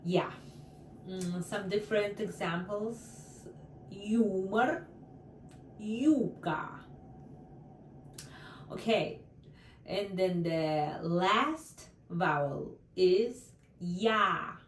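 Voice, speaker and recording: A woman's voice: on the low side, drawn-out words, distant mic, a little hiss or hum. A woman from Central Asia teaching a Russian language lesson online, carefully saying each example word twice. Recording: roomy echo, voice from away from the mic.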